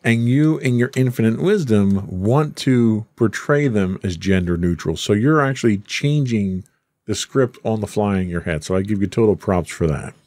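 A man's voice: fairly low pitch, expressive, moderate pace, a little mellow, no echo. A man hosting a podcast, reading a script aloud between teasing, casual banter with his co-host.

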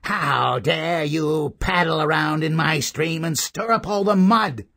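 A man's voice: fairly high pitch, takes it slowly, vocal fry, bright, forceful tone, voice pushed up, heavily acted. A man voicing a fierce, hungry wolf who snarls and makes accusations. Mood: fierce, accusing. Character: fierce bullying male wolf, savage and hungry.

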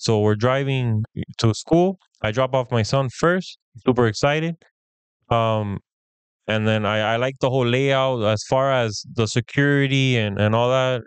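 A man in his thirties talks casually as a podcast co-host and puts on the voices of the people he quotes. His voice is smooth and clear, at a mid pitch. The sound is dry and close. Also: moderate pace, no room sound. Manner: animated, acts out quoted dialogue. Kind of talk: casual storytelling chat.

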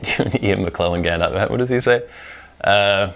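A man's voice: sits low, fairly quick, vocal fry, fairly bright tone. A man hosting a pipe-smoking talk show, rambling through viewer questions in casual chat, with frequent ums and restarts.

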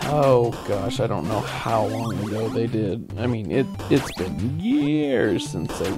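A man hosting a casual let's-play commentary, giggly and excitable, laughing often as he plays. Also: on the low side, slow pace, gravelly, over loud music. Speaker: gaming channel host.

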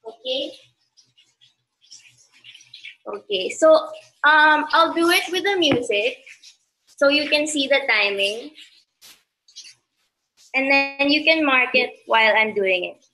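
A woman's voice: high-pitched, measured pace, pauses often, sharp tone. A woman from the Philippines teaching a dance tutorial, counting beats aloud and checking in with okay. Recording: roomy echo, voice from a distance.

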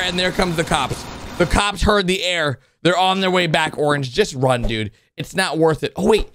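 A YouTube reaction host giving excitable commentary over cartoon clips, often breaking into high shouts and laughter. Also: normal speed, music in the background.

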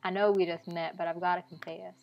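A woman's voice: mid-range voice, brisk, muffled recording, loud music behind the voice, natural voice. A woman voicing an older male fried-chicken colonel in a self-admittedly bad folksy drawl. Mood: admiring.

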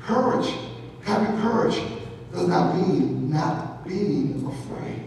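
A male pastor preaching a sermon in a church, animated and trading call-and-response with the congregation. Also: on the high side, slow, far from the mic. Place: large church sanctuary. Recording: echoey hall miked from afar, congregation noise.

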